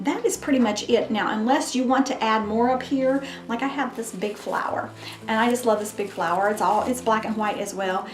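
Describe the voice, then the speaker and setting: Gushing woman in an echoey room. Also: mid-range voice. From Mississippi, US. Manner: gushing and chatty. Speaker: crafts tutorial host. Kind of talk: casual craft demonstration. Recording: roomy echo with background music.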